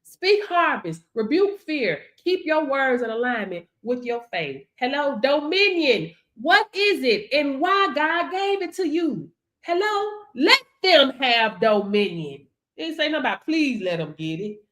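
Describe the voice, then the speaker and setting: A woman's voice: sits high, big pitch swings, unhurried, a bit bright. A woman coach giving a motivational faith-based pep talk. She preaches emphatically, chants affirmations and keeps calling out "Hello?" to her listeners. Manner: preacher-like, emphatic, with frequent "Hello?" call-outs; repeats affirmations in a rhythmic chant. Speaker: business coach.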